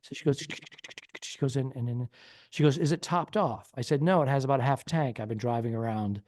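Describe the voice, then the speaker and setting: Telling a meandering story during casual banter, this man co-hosts a comedy podcast and performs the voices of the people involved. His medium-pitched voice is a little mellow and a little fast. The studio sound is clean, with no room sound.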